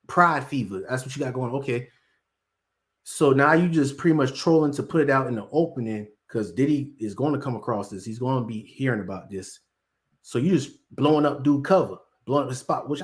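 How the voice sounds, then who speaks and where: A man at an ordinary middle pitch talks through celebrity gossip in loose, slangy commentary. He rambles, restarts and acts out what others said. The tone stays casual and conversational. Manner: slangy, rambling storyteller who acts out quotes. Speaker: commentary host.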